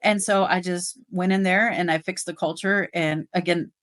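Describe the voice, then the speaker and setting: Animated middle-aged woman telling her story. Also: on the low side, normal speed. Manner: animated storytelling, rising excitement, many fillers. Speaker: guest, dealership service manager. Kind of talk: casual interview chat.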